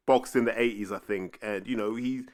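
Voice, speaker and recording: A man's voice: fairly low pitch, normal speed. A man hosting a podcast, telling stories in a blunt, casual way with swearing. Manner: blunt, animated storytelling with swearing. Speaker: podcast host.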